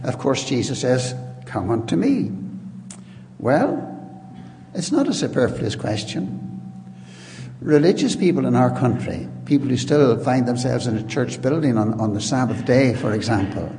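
A man's voice: mid-range voice, animated, normal speed, dark tone. A man preaching a sermon in earnest, pleading tones, often restarting his phrases. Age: older. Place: church. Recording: reverberant hall with faint noise.

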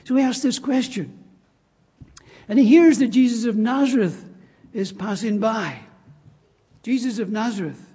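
A man's voice: very high-pitched, unhurried, long pauses, dark tone, husky. A man preaching a sermon in church, emphatic and repeating his key phrases. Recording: long reverb of a church hall.

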